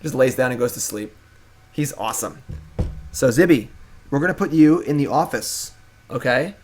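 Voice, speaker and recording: A man's voice: medium pitch, lively intonation, moderate pace, slight background noise. A young adult man hosting a live stream, chatting casually and playfully hyping up his pet. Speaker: streamer and host.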